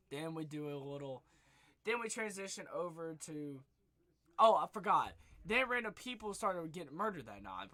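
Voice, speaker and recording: A man's voice: fairly high pitch, a bit bright. A young man giving a casual spoiler recap of a movie, rambling and swearing freely, leaning on filler words. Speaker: movie reviewer.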